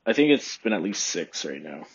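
Phlegmy husky podcast guy from texas, just rambling, kinda muffled lo-fi sound. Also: deep voice, normal speed. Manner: rambling, relaxed, frequent throat clearing. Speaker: podcast host. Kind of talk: casual solo podcast chat. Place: room by a window.

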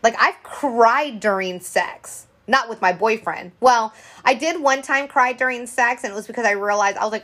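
A woman's voice: a little high, fairly quick, a bit bright, slight background noise. A woman in her thirties co-hosting a podcast, talking frankly and profanely in a rambling casual chat full of restarts. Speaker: podcast co-host.

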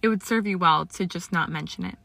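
A woman's voice: fairly low pitch, a little fast, gravelly, pushed and bright, no room sound. A woman reading as a haughty young wizard, curt and scornful. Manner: curt and dismissive.

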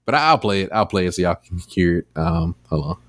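A man with a lowish voice hosts a casual podcast, wandering through a story with plenty of ums and likes. The sound is dry and close, with no room around it. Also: a little fast, dry recording. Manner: rambling with many fillers, animated retelling. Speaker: podcast host. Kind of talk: casual chat.

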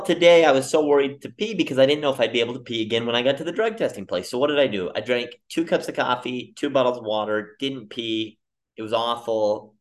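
A young man hosting a podcast, telling a comic story alone and acting out the people he quotes in jumpy, animated voices. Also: medium pitch. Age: young adult. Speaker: podcast host. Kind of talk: casual comedic monologue.

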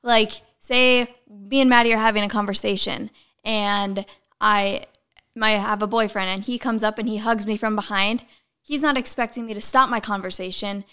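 A young woman guest chatting casually, full of "like" and quick giggles. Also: medium pitch, fairly even intonation, a bit bright, clean tone. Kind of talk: casual chat.

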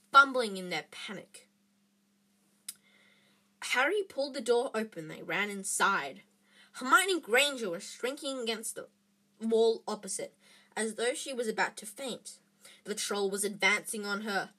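A woman reading a children's book aloud in an expressive way, with small slips and restarts. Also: mid-range voice. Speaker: reader.

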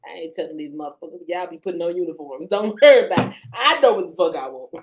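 A woman co-hosting a casual podcast chat, blunt and profane, laughing often and swinging between low mutters and loud outbursts. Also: expressive, quick pace, noisy background. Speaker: podcast co-host.

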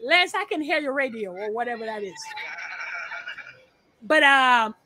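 A woman's voice: a little high, animated, unhurried, noisy background. A woman guesting on a podcast over a remote call, talking bluntly with profanity and repeating her points. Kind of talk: casual podcast chat.

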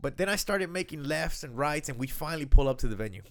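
A young man tells a story in a loose, profane, laughing way. He acts out both sides of the conversations. His voice sits a little high and moves widely in pitch. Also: quick pace. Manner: animated, swearing, laughing storyteller acting out quotes. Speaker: husband telling wedding story. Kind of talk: casual chat.

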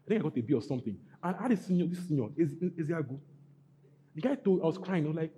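A man preaching a sermon, emphatic and repetitive, building to loud exhortations. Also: on the high side, lively intonation, very fast. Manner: emphatic, repeats phrases, rising to loud exhortations. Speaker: pastor.

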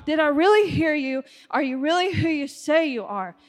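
A woman preaching a sermon with passion, her voice rising to shouts at its peaks. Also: sits high, lively intonation, moderate pace, long reverb tail. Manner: impassioned, builds to shouting.

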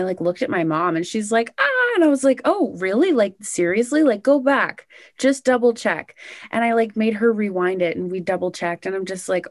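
A young woman, a singer-songwriter, chatting excitedly in an interview with lots of "like" and "oh my gosh". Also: fairly low pitch, no room sound, clean studio sound. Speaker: country singer-songwriter guest. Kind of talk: casual interview answers.

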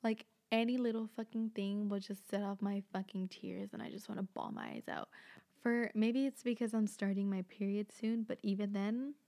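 A woman's voice: mid-range voice, steady tone, moderate pace, vocal fry, mellow. Young woman host, loose solo podcast ramble, filler-heavy, casual swearing.

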